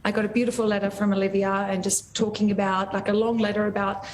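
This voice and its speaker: A woman with an Australian accent, emotionally raw, speaking in a halting, heartfelt way on a TV interview. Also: mid-range voice, flat delivery, a little hiss or hum, rough recording. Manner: halting, heartfelt, often restarts sentences. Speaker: guest singer.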